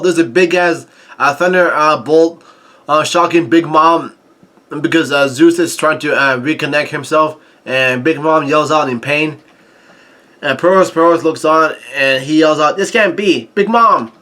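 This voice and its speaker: A man casually recapping a comic chapter as a channel host, halting often with fillers and tossing in crude asides. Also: a little high, steady tone, pushed and bright.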